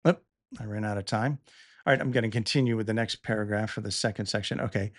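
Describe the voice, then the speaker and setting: A middle-aged man, a podcast host, walking through a software demo in a relaxed, casual way, thinking aloud with small restarts. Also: on the low side, quick pace, no room sound, clean studio sound. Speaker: podcast host demonstrating tools. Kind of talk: casual tutorial narration.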